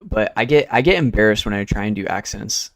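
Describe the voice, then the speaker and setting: A man's voice: fairly low pitch, brisk, dry recording, studio quality. A young man streaming, chatting casually and rambling while he works, with easygoing talk and casual swearing. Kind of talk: casual chat while working.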